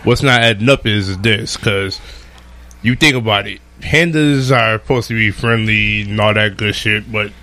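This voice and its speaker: A man's voice: fairly low pitch, moderate pace, sharp tone. A man on a podcast rambling through a mock-serious argument in casual banter.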